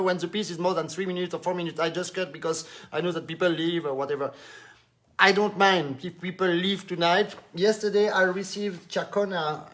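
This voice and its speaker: High-voiced Frenchman hosting a live stream. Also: a bit bright. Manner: chatty, effusive, greets viewers by name. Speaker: host of a live online music show. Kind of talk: casual live-stream chat.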